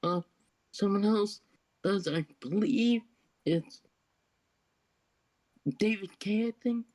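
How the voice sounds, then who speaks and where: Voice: medium pitch, takes it slowly, darkish tone. A co-host in a casual gaming chat, easygoing and agreeable, adding bits of trivia. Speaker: podcast co-host.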